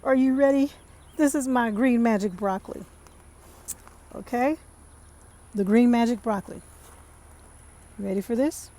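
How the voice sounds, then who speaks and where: A woman's voice: on the high side, measured pace, long pauses, warm tone. A woman giving a casual tour of her backyard garden, chatting to viewers and calling them y'all. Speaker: home gardener vlogger.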